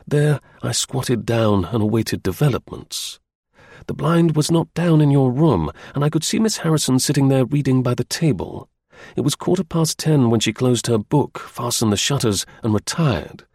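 A man voicing a brisk, dry-witted middle-aged detective in a crisp, measured and confident manner. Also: mid-range voice, darkish tone, dry recording.

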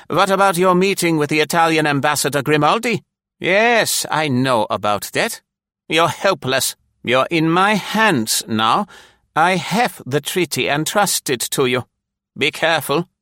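A man's voice: fairly high pitch, pushed and bright, no echo, clean studio sound, pitched above the performer's own voice, heavily acted. A man voicing a fat, greedy spy with an oily, snarling manner. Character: fat, greedy, menacing male German spy. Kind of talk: audiobook character voice.

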